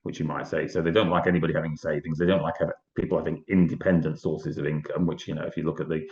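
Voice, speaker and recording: Fast-talking, deep-voiced British man. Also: little pitch movement, darkish tone. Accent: British English. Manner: earnest, quick, with many restarts. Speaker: political party guest. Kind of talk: conversational interview. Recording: echoey, dull lo-fi audio.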